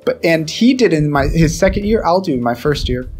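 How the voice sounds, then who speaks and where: A man's voice: a little high, sing-song, fairly quick, a little mellow, soft background music. A young man chatting casually as a podcast co-host, rambling with lots of fillers and scatting melodies aloud. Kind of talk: casual chat.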